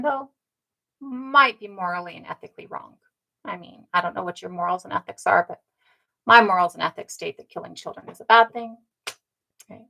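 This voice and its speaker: A woman's voice: fairly low pitch, gravelly, pushed and bright, rough recording. A woman talking straight to her viewers in a casual monologue, earnest, with many ums and rhetorical "right?" tags. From Indigenous North America. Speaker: commentator. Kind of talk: casual direct-to-camera monologue.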